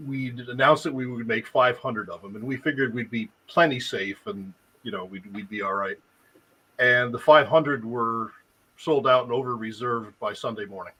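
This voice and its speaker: Husky, forceful man telling a story. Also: medium pitch, poor audio. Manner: lively storyteller, chuckling. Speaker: guest. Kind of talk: casual live-stream chat.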